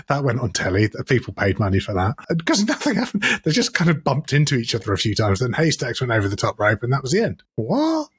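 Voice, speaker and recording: A man's voice: medium pitch, very animated, fast, hardly any pauses, husky. A man co-hosting a podcast, chatting enthusiastically and jokily. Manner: enthusiastic, jokey, quotes catchphrases. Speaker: podcast co-host. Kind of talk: casual podcast chat.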